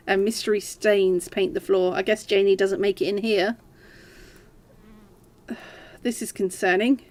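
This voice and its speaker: A woman's voice: mid-range voice, a little mellow. A woman streaming a horror visual novel, chatting casually, reacting and reading the narration aloud. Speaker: game streamer. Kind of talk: casual let's-play commentary and narration. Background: faint background music.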